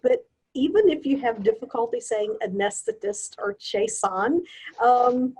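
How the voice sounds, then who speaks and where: A woman's voice: a little high, big pitch swings, moderate pace, darkish tone, breathy edge, low-quality recording. A woman guest on a podcast, speaking earnestly and with emphasis. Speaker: guest, nurse anesthetist and hypnosis instructor. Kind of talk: casual podcast chat.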